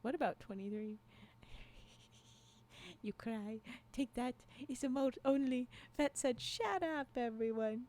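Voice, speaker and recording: Woman, streamer, casual chat with viewers, somewhat high voice, rambling, giggly. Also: slow pace, mellow. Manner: rambling, giggly, laughs often; frequent restarts and trailing asides. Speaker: livestream storyteller.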